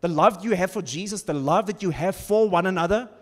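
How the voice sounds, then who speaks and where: A man preaching in a big church, his voice sitting high and trailing a long reverb off the hall walls. He talks to the congregation casually, dropping in wry jokes and sarcasm between points. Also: brisk. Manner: conversational, humorous preaching with sarcastic asides. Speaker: pastor. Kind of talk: sermon. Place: large church auditorium.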